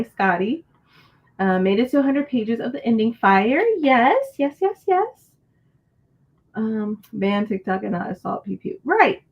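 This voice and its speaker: A woman's voice: medium pitch, vocal fry, dull audio. A woman hosting a casual livestream, answering her chat and venting in a frustrated, cursing rant. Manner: frustrated, ranting, swears freely. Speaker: book channel host reading live chat.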